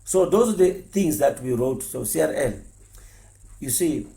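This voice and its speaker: A former pastor, speaking earnestly and repeating himself, stumbling over words when heated. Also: male voice, fairly high pitch, expressive, a little slow, creaky, dark tone. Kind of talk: impassioned spoken address.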